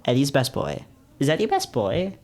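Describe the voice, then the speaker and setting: A man reading a visual novel aloud in the first person, breaking off into casual, swearing, laughing commentary. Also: mid-range voice. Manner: casual, swears and laughs, quick animated reactions.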